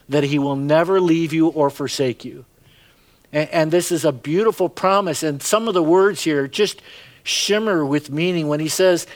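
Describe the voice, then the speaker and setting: A middle-aged man preaching a sermon as pastor, chatty and full of asides and "right?" tags. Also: fairly high pitch.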